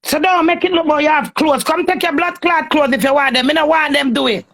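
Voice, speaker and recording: A woman's voice: high voice, steady tone, a little fast, fairly bright tone. A Jamaican woman in a heated, cursing, confrontational rant on a phone live stream.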